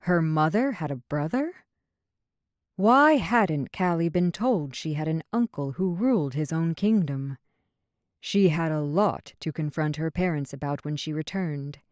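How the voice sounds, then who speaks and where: A woman narrating a fantasy romance audiobook in an even, measured reading. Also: sits low, no echo, clean studio sound. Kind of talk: scripted narration.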